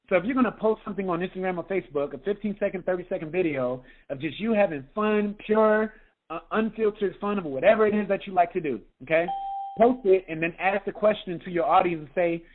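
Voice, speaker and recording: A man, a health coach, giving an energetic motivational talk on a group call, often checking in with "okay?". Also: high voice. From United States. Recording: tinny phone line.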